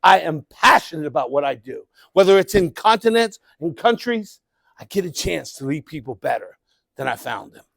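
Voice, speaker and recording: A middle-aged man giving a live motivational keynote speech, animated, calling out to the crowd and breaking into shouts. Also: a little high, moderate pace, gravelly, no echo. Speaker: motivational speaker. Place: conference event room.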